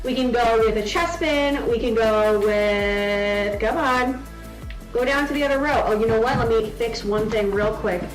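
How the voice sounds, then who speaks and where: A young woman chats casually through a game stream, stopping now and then to coo at her baby. Her voice sits a little high, and it echoes in the room. Soft music plays underneath. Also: normal speed. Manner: chatty, doting baby talk to her daughter. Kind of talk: casual live-stream chat.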